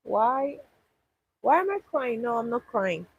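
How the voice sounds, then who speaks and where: A woman's voice: on the high side, very animated, measured pace, lo-fi sound, slight background noise. A young woman chatting casually with viewers on a livestream, thinking aloud and restarting her sentences. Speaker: livestream host answering viewers. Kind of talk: casual live chat.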